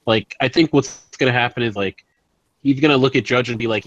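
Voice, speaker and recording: Halting man on a casual call. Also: medium pitch, fairly even intonation, fairly bright tone, no echo, lo-fi sound. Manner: halting, filler-heavy. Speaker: podcast co-host. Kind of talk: casual group chat over voice call.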